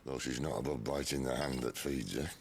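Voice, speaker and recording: An actor playing a wry middle-aged outlaw leader in a video game, easygoing and dry. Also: male voice, very deep voice, fairly even intonation, brisk, gravelly, background noise. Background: game music.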